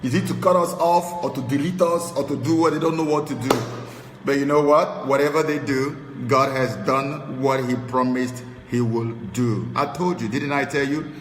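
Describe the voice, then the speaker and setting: A man from Nigeria preaching excitedly, breaking into sung hymn lines and rising loud and high as he mocks his critics. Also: normal speed, echoey room, in a large hall, soft background music, low-quality recording. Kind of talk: celebratory preaching to camera.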